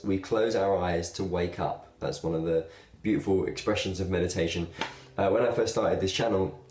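A young man with a low voice, a video blogger, talks casually to the camera in an echoey room. He's relaxed and rambling, with fillers and laughs.

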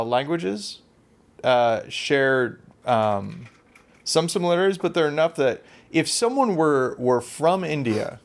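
A man co-hosting a podcast in casual chat, telling rambling self-deprecating stories full of fillers. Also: mid-range voice. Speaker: podcast co-host.

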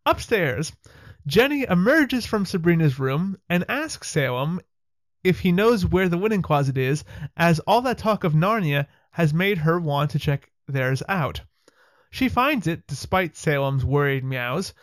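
A man's voice: on the high side, no room sound. Chatty man recapping an episode. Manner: wry, chatty narration with laughs. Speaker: podcast host.

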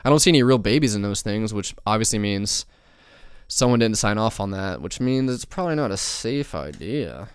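Young male podcast host, loose and profane, smooth voice, dry close mic. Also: on the low side, expressive, normal speed, no room sound. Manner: rambling, profane, many fillers and asides. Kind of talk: casual solo podcast rambling.

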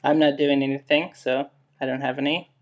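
A man's voice: mid-range voice, level tone, a little fast, dull audio. Dry-humored podcast host, a man. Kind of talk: casual chat.

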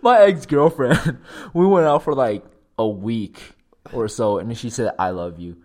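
A young man in casual chat, animated and playful, laughing often. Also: medium pitch, measured pace. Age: young adult.

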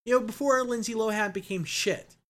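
Young man, fairly high voice, blunt and profane in relaxed casual conversation. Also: brisk. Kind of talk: casual chat.

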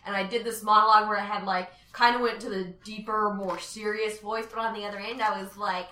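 Animated young woman, roomy and off-mic. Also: medium pitch, a little fast, far from the mic. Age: young adult. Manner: animated storyteller, swears, laughs often. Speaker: podcast co-host. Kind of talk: casual chat.

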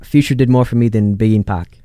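A man's voice: on the low side, warm tone, no echo, studio quality. A man hosting a casual interview, easygoing and affirming. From United States. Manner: easygoing, affirming, quick to agree. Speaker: interview host.

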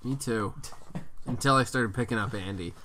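A young man co-hosts a loose podcast with friends. He jokes, swears freely and keeps breaking into laughter. His voice sits in an ordinary middle pitch. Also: normal speed, pushed and bright, a little hiss or hum. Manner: joking, profane, trailing laughs. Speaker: podcast co-host. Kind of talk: casual chat.

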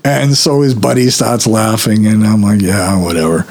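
Husky-voiced man telling a story. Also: fairly low pitch, fairly even intonation, normal speed, a little mellow. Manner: rambling, self-mocking, acts out quoted voices. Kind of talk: personal anecdote told casually.

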